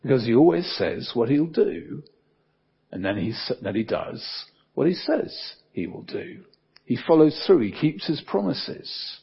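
Older male preacher, husky, lively pitch, conversational sermon, dull lo-fi sound. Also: unhurried. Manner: conversational, many fillers, dips soft for emphasis.

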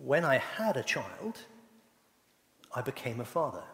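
A man's voice: medium pitch, sing-song, a little slow, a bit bright. A middle-aged man preaching a sermon, playfully quizzing his congregation. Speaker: pastor. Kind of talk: sermon with congregation call-and-response. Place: church hall. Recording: long reverb of a church hall.

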